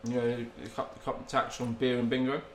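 Bright, teasing man in echoey room. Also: medium pitch, level tone, quick pace. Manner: teasing, mumbling while eating, bursts of laughter. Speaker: podcast co-host. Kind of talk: casual chat. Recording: echoey room with faint hiss.

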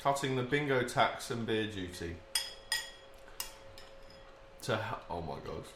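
Male co-host, casual and animated, boomy room with light hiss. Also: unhurried. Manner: animated, laughing, swearing banter. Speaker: podcast co-host; teacher. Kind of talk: casual chat. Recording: echoey room with faint hiss.

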